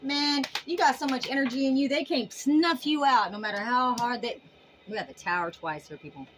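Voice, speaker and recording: A woman giving a casual tarot reading to her viewers in an animated, emphatic way, often laughing. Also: high voice, normal speed, slight background noise, rough recording. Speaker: tarot reader.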